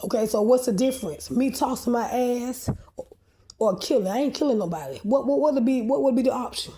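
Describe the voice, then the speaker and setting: Agitated woman ranting, profane and mellow-toned. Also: a little high, fairly quick. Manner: repeats and restarts words under pressure. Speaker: vlogger posting a video. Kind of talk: rambling monologue to camera.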